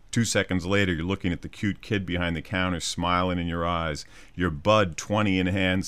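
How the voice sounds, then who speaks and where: A man's voice: deep voice, fairly even intonation, normal speed, few pauses, a bit bright, smooth, dry recording. A man, a psychologist hosting a short scripted segment, telling a vivid everyday scene and acting out small quoted voices along the way. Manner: vivid storytelling, acts out little quoted voices. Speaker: psychologist radio host. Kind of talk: scripted spoken commentary.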